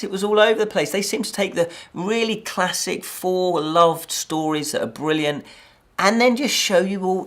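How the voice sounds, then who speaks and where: A man reviewing a film in a casual chat, animated and exasperated, repeating points for emphasis. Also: sits high, creaky. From United Kingdom.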